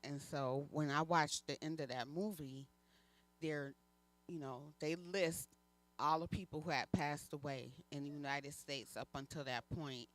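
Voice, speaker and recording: A woman minister giving a personal testimony in church, telling her story candidly with frequent pauses and fillers. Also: low-pitched, fairly even intonation. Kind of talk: personal testimony within a sermon.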